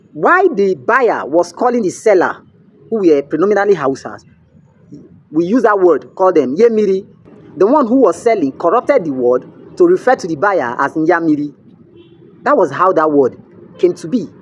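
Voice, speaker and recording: Speaking to camera, this young Nigerian-accented vlogger spins a chatty story, slipping into pidgin and repeatedly asking viewers "you get?" His high voice is very animated and slightly rough, delivered at a normal speed.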